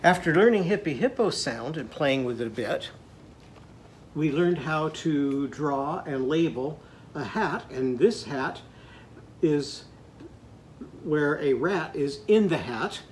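A man with a slightly high voice teaches a children's phonics lesson, unhurried and deliberate. He talks in a playful, sing-song way and leads call-and-response chants. A faint low rumble sits under the recording. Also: lively intonation. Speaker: literacy teacher.

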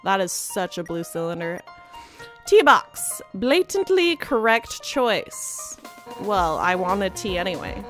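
A woman's voice: mid-range voice, lively intonation, slow pace, soft background music. A woman streamer giving casual gameplay commentary, with nervous, wry asides and swearing.

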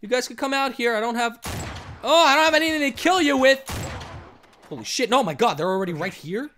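A man doing let's play commentary, excitable, swinging between yelling and muttering. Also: very high voice, brisk, a little hiss or hum. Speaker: gameplay commentator.

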